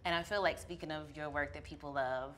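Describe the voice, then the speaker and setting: A woman hosting a podcast interview, chatty and quick to laugh. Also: low voice, fairly even intonation, fairly bright tone, a little hiss or hum. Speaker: podcast host. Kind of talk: casual interview chat.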